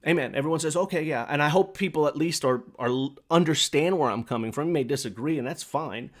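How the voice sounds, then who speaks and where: A man's voice: on the high side, fast. A man hosting a podcast, delivering an impassioned, preachy monologue with lots of repetition while smoking a pipe. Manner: smokes a pipe while talking. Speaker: podcast host. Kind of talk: opinionated monologue.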